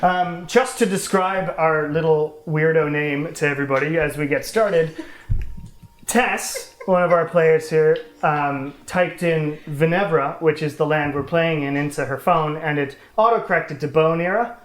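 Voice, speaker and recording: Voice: medium pitch, measured pace. A game master hosting a tabletop podcast in a chatty way, laughing often. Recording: roomy echo.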